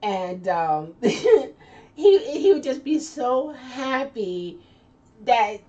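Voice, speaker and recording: With a fairly high, sing-song voice and a dark tone, this woman draws out her words while chatting casually through viewer comments as host. She laughs often, rambles loosely, and trails into restarts. The sound is from a distant lo-fi mic with faint noise.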